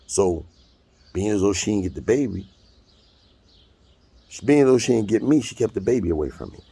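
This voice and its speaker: An animated American man in his 50s retells a court hearing, talking fairly quickly with blunt language and profanity in a casual monologue. His lowish voice is warm, gravelly and husky.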